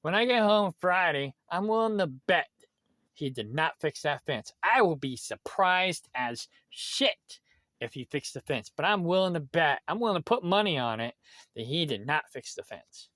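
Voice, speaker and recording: A man's voice: fairly high pitch, lively intonation, normal speed, fairly bright tone, no echo, studio quality. A man ranting bitterly in a vlog, complaining about someone with lots of swearing. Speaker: vlogger. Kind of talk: angry vlog rant.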